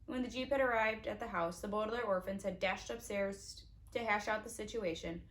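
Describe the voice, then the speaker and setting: A woman reads a chapter of a novel aloud in a relaxed, homemade style. Her voice is mid-pitched, and she stumbles now and then and corrects herself. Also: a little fast. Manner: casual, with small slips and restarts. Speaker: audiobook reader.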